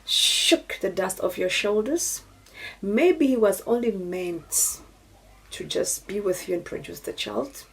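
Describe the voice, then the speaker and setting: Taking it slowly, a middle-aged Namibian woman shares a personal testimony on YouTube in her Namibian accent, sounding earnest and preachy and thanking God often. Her mid-range voice is expressive and creaky, and the recording quality is low.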